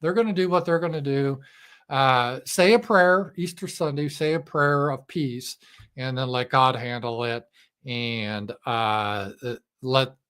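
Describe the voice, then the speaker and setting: A man hosting a political livestream, talking bluntly and sarcastically with crude asides. His mid-pitched voice swings widely up and down. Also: a bit bright. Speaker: show host.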